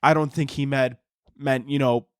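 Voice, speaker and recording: A man's voice: medium pitch, fairly even intonation, normal speed, smooth, no room sound, studio quality. A young man hosting a podcast, rambling through a comic monologue, swearing often and laughing at his own jokes. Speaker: podcast host. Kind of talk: casual comedic monologue.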